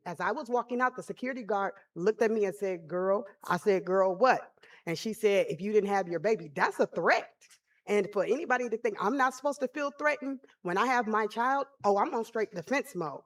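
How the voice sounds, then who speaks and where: A woman's voice: medium pitch, brisk. A woman parent giving a heated, emphatic public comment at a school board meeting.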